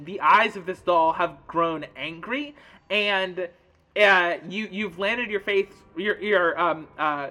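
A man's voice: high voice, pushed and bright. A man narrating as game master in a casual, filler-heavy way. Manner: casual, many fillers, describes scenes.

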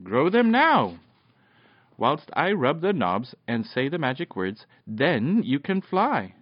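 A man's voice: medium pitch, sing-song, unhurried, husky, dry recording, pitched above the performer's own voice. A man voicing a brave, kindly little male peddler in a bedtime storybook reading, speaking urgently. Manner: urgent and pleading. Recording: dull dry lo-fi recording.

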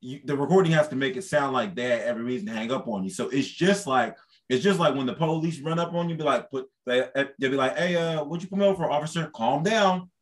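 A man co-hosting a casual podcast chat, cutting in with quick teasing jokes and questions. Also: mid-range voice. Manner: quick interjections, joking, teasing.

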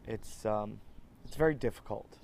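A man in his thirties hosting a podcast, talking in a rambling, halting way with many restarts and fillers. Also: lowish voice, vocal fry, darkish tone, a little hiss or hum. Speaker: podcast host. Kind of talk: casual personal monologue.

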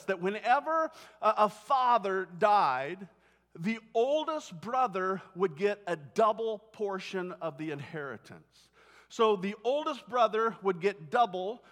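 A male pastor delivers a sermon in a church, talking to the congregation in a conversational, storytelling way. His voice sits high for a man, and he slips into little acted-out voices as he goes. The sound rings with the long reverb of a big hall. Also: a bit bright. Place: church sanctuary.

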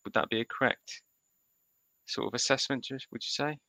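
A man's voice: medium pitch, moderate pace, gravelly, bright, forceful tone, dry recording, poor audio. A man co-hosting a podcast, talking casually and animatedly about football picks, often restarting his sentences. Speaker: podcast co-host. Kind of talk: casual sports chat.

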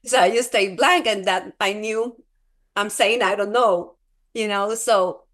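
A woman who is a guest in an interview, telling a personal testimony in a halting, earnest way, with many filler words and restarts. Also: medium pitch, fairly bright tone. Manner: earnest, often breaks into laughter.

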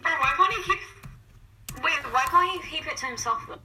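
A woman's voice: high voice, animated, a little fast. A teenage girl and co-host friend chatting casually and chiming in with supportive remarks. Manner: supportive, interjecting. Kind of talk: casual chat. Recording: distant mic with faint noise.

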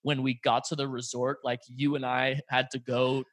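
A man's voice: mid-range voice, flat delivery, normal speed, no room sound. A man from Belgium co-hosting a podcast in casual chat, telling stories, acting out what others said, and swearing often. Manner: storytelling, quoting others, frequent swearing. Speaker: podcast co-host.

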